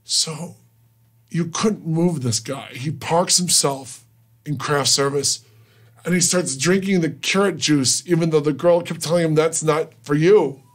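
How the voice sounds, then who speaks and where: A man's voice: on the high side, unhurried, breathy edge. A man co-hosting a radio talk show, teasing his co-host and telling set stories. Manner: storytelling, teasing. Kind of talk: casual radio chat.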